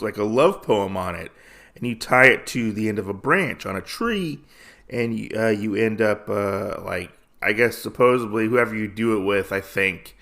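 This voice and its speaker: A man's voice: lowish voice, creaky, fairly bright tone. A man hosting a podcast, recapping a comic casually with lots of fillers and restarts. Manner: rambling, many fillers and restarts. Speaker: podcast host.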